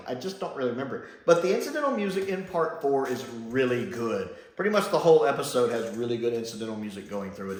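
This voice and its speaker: A man giving a casual spoken review on his channel, chatty and rambling, often acting out lines. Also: mid-range voice. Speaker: video reviewer. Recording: echoey room.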